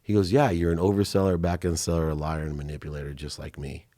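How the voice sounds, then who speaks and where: A man's voice: low-pitched, level tone, quick pace, warm tone, no room sound, studio quality. A middle-aged man, a podcast guest, telling candid personal stories with feeling, choking up at times.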